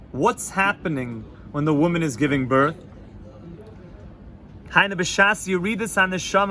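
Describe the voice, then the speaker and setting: A rabbi gives an informal Torah class, joking and animated as he mixes in Hebrew and Yiddish terms. His male voice sits a touch high. A faint hum of the room lies behind him. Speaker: yeshiva rabbi teaching students.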